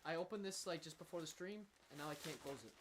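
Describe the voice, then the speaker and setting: A man's voice: fairly high pitch, fast, noisy background. Playful young man chatting on stream. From United States. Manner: playful, rambling, reads chat aloud. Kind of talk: casual live-stream chat. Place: at home, streaming setup. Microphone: studio microphone.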